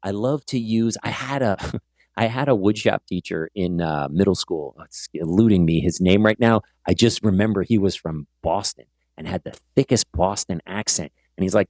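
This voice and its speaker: A middle-aged man hosting a podcast interview, telling stories in a casual, animated way and acting out what people said. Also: sits low, normal speed, no echo, clean studio sound. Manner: animated storyteller, acts out quotes. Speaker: podcast host.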